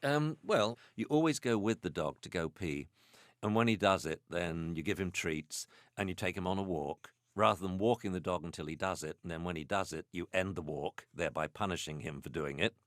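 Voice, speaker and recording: Guy, dog trainer, lowish voice, blunt and chatty. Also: brisk, no echo, studio quality. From England. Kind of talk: interview.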